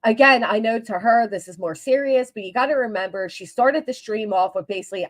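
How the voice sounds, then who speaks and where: A woman's voice: on the high side, a little fast, few pauses, no room sound. A woman hosting a drama commentary channel, reacting to a clip with blunt, sarcastic remarks and frequent laughter.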